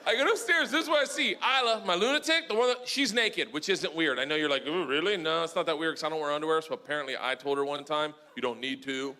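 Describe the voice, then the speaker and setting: Rowdy high-pitched stand-up man. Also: quick pace, hardly any pauses. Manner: loud, excitable storytelling that bursts into shouting. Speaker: stand-up comedian. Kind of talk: stand-up routine. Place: live comedy stage before an audience. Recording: noisy live stand-up recording.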